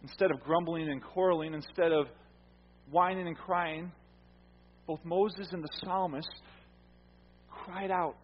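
A man preaching a sermon as pastor, earnest, repeating phrases for emphasis and letting his lines fall quiet at the ends. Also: a little high, fairly even intonation, a little slow, pauses often, slightly rough. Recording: dull, echoey hall sound.

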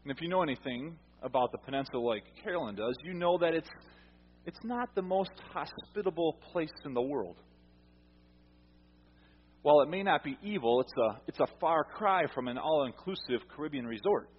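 A man's voice: on the high side, expressive, moderate pace, breathy edge. A man preaching a sermon in a conversational way, asking the congregation questions and repeating words as he goes. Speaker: pastor. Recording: reverberant hall, muffled sound.

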